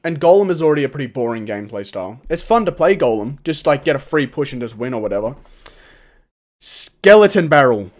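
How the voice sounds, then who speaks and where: A young gaming YouTuber gives casual, opinionated tier-list commentary, often sounding exasperated and restarting his sentences. His voice is medium-pitched, brisk, and sing-song.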